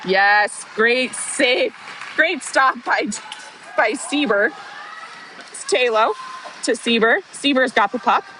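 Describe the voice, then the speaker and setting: Excitable high-voiced woman calling hockey. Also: slow, long pauses, a little hiss or hum, rough recording. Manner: excitable, partisan, apologizes for getting worked up. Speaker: hockey play-by-play announcer. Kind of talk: amateur youth hockey commentary.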